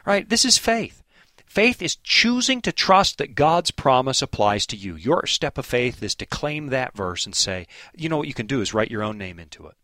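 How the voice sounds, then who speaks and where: A man's voice: mid-range voice, big pitch swings, moderate pace, bright, forceful tone, no echo. A man answering listener questions in a preaching style, earnest and emphatic, quoting scripture and telling stories.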